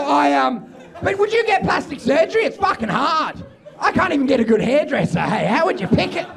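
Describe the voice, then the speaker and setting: A man works a club stage with a loud, crude stand-up set, shouting his punchlines. His voice sits very high and is gravelly with fry, and it swings widely in pitch. Faint audience laughter sits behind him. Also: lively intonation, a little fast, crowd noise. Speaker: stand-up comedian.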